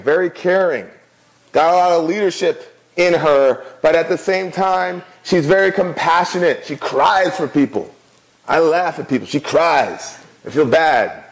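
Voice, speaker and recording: A man's voice: high voice, creaky, rough recording. A middle-aged man preaching a sermon as pastor, conversational, with frequent asides to the congregation.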